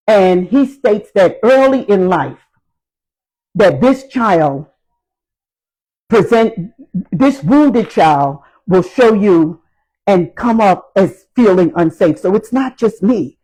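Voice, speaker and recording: A woman giving a motivational talk on healing, speaking in slow, emphatic, repetitive phrases. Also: lowish voice, mellow, slightly rough, low-quality recording.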